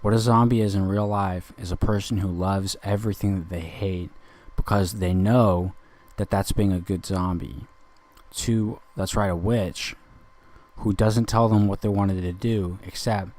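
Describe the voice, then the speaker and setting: Intense lecturing man with a low voice. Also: steady tone, moderate pace, darkish tone. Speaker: speaker addressing a listener. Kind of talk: rambling confrontational monologue.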